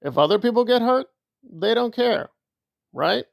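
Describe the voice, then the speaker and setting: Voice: medium pitch, lively intonation, unhurried, gravelly, dry recording, studio quality. A commentator giving opinion commentary in a sarcastic, argumentative way.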